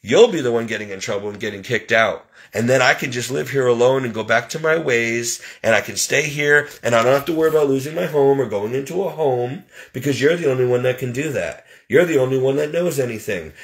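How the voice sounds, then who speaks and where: A man voicing the scheming old woman he cares for, smug and calculating, in his own gravelly voice. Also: mid-range voice, fairly quick, hardly any pauses, natural voice.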